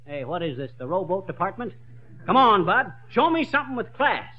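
A bumbling braggart who has just come into money, in a 1940s radio comedy. His voice is high and swoops around. He blusters and stammers through a dull old broadcast recording. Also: a little fast. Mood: flustered. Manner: blustering, stammering, lively swings. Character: boastful newly rich middle-aged man, bumbling.

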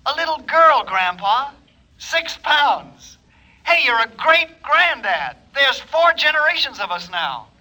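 An actor playing an earnest, friendly young grandson on the phone. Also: male voice, very high-pitched, big pitch swings, slow, sharp tone, full character voice, low-quality recording. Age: young adult.

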